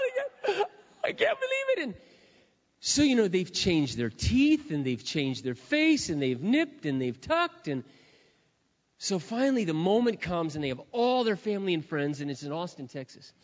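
A man preaching a sermon in a lively storytelling style, retelling a scene with dramatic acted quotes. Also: on the high side. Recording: dull lo-fi with long hall reverb.

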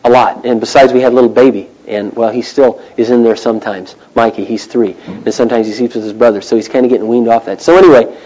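Middle-aged male pastor, sermon delivery, animated, drops to near-whispers. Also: mid-range voice, fast, muffled recording. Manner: animated, swings from loud to hushed.

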